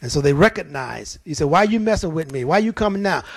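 High-voiced preacher with dry, close sound. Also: male voice, animated, fast, slightly rough, no echo. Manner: acts out demons' voices, laughs often. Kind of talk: sermon.

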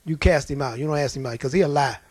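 A male preacher delivering a lively, folksy sermon, telling stories with laughter and reading scripture slowly. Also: a little high, breathy edge, dry recording. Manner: animated, folksy, laughing at his own stories; reads scripture slowly and deliberately.

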